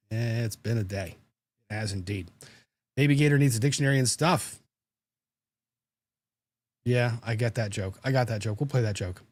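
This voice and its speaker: A man's voice: mid-range voice, darkish tone, dry recording. A man who is a lawyer, hosting a casual livestream, chatting and reading viewer comments in a joking, self-deprecating way.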